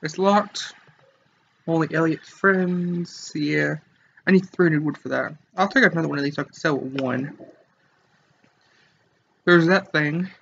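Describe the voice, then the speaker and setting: A man's voice: on the high side, a little slow, vocal fry, long pauses, fairly bright tone, lo-fi sound, a little hiss or hum. A young man rambling and joking to viewers while playing a game. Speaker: gamer. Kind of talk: casual let's play commentary.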